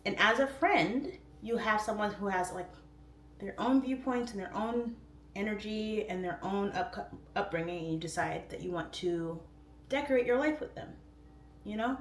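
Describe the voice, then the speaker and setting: A middle-aged woman hosting a livestream, rambling casually and swooping into high voices when she quotes herself. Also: moderate pace, roomy sound. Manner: chatty, rambling, warm-hearted talk with frequent "like" fillers. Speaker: livestream host. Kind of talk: casual chat. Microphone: phone or webcam.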